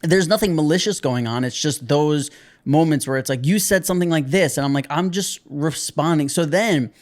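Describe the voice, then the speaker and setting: Podcast guy rambling on, kinda high voice, acts out little quotes. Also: normal speed, darkish tone. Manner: rambling, retells arguments with acted quotes. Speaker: podcast co-host. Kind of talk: casual chat.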